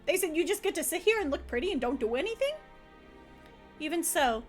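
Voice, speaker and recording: A woman streaming a video game, chatting casually with her viewers, laughing often and breaking into loud playful outbursts. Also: high-pitched, lively intonation, fairly quick, soft background music. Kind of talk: casual livestream gameplay commentary.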